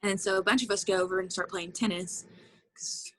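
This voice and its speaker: A woman's voice: medium pitch, fairly even intonation, a little fast, a bit bright, dry recording, poor audio. A young woman in her twenties, an interview guest, chatting casually and emotionally about her college years with lots of filler words. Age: 20s. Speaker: interview guest, former college softball player.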